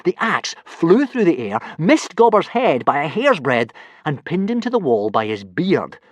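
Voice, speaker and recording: A man narrating a children's adventure book with expressive delivery. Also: a little high, measured pace, no room sound. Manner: animated, expressive. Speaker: audiobook narrator. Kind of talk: storybook narration.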